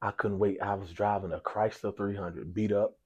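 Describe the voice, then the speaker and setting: Speaking at a normal speed, this man's voice is on the low side and slightly rough. He's a basketball coach recounting a long personal tale during a sports interview, animated and theatrical, voicing the dialogue and repeating himself with plenty of "y'all."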